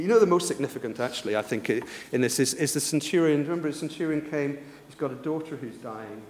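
A man preaching a sermon, retelling stories with animated delivery and frequent restarts. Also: a little high, fast talker, hardly any pauses, a little hiss or hum. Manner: animated storytelling, repeats and restarts words. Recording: echoey hall, reverb.

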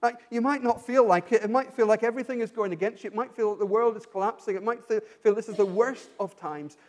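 A man's voice: high voice, fast talker. A man preaching a sermon, earnest and pastoral, asking his listeners rhetorical questions and often repeating himself as he builds a point. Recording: long hall reverb.

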